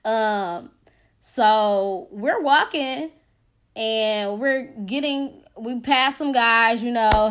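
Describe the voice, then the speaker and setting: A high-voiced woman tells a story on her podcast in loose, slangy, profane chat. She sounds animated as she records on her phone from bed at home. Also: takes it slowly, clear, resonant tone. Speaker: podcast host. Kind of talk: casual storytelling.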